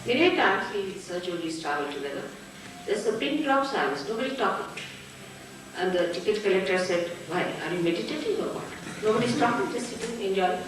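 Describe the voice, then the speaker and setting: A woman with an Indian English accent gives a spiritual talk, her voice rising and falling in a lively way. She is recorded from some distance in a very echoey hall, with a faint ambient hum behind her. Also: mid-range voice, fairly quick. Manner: storytelling with anecdotes and acted-out quotes. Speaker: spiritual teacher. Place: town hall.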